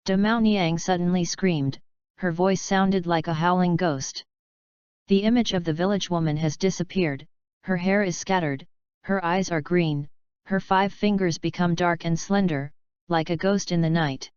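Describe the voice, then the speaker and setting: A woman narrating a fanfiction audiobook in a flat, even reading, with a dull lo-fi sound. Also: on the low side, normal speed, smooth, dry recording. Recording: dull lo-fi dry recording.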